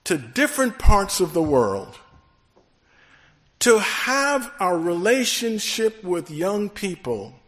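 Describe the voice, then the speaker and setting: A man's voice: high voice, very animated, a bit bright. A man preaching a sermon in church, emphatic and calling out to the congregation. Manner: slow, emphatic preaching with rising calls to the congregation.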